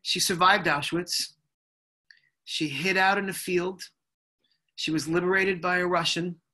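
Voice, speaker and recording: A man from Brooklyn giving an inspirational speech over a video call, in deliberate, repetitive, rhythmic phrases. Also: high voice, steady tone, sharp tone. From United States (Brooklyn, New York). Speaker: inspirational speaker.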